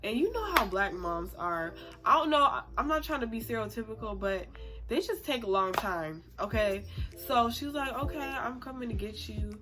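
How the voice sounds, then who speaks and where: A young woman vlogger telling a personal story in a chatty, expressive, slangy way. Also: a little high, normal speed. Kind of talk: casual storytime. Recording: music playing under the voice.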